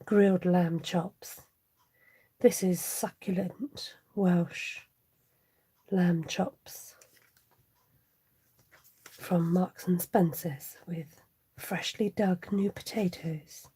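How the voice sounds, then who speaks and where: A woman voicing a hushed, indulgent female supermarket-ad narrator, with a slow, breathy, half-whispered luxury-ad delivery. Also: fairly low pitch, steady tone, voice pushed down, full character voice. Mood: sultry.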